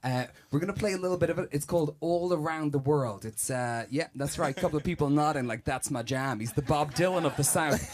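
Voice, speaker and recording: A man hosting a live radio studio comedy set, teasing and quick with jokes. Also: fairly high pitch, a little hiss or hum. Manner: quick, teasing, self-mocking. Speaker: comedy rapper host. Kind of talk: joking live studio banter.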